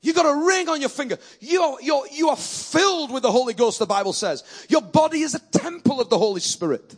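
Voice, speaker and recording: A man preaching with a notably high voice. He tells stories in a lively way, then rises into emphatic, exhorting sermon delivery. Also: fairly quick. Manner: animated, builds to forceful preaching. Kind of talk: sermon with storytelling.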